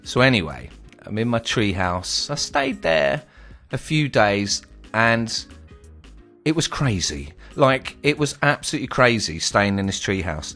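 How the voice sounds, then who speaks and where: A man's voice: mid-range voice, measured pace, vocal fry, soft background music. A man telling a casual, slangy story from his travels on his vlog. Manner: animated, slangy, swearing storyteller.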